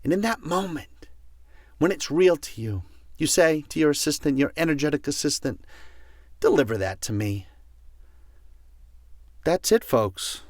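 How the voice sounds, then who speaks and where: Speaking at a normal speed in a slightly high voice, a self-help speaker drives home his motivational course with passion, repeating key words emphatically and growing loud. The audio is studio quality, with no echo.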